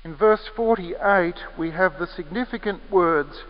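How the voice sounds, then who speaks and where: A man preaching a sermon with measured, emphatic phrasing, leaning on repeated key words. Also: sits high. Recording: echoey hall, muffled lo-fi sound.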